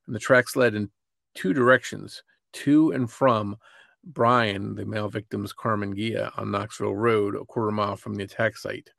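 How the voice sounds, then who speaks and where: Gravelly man reading true crime. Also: on the low side, steady tone, a bit bright, no echo, clean studio sound. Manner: measured, reads from a script. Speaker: podcast co-host. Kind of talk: scripted true-crime narration.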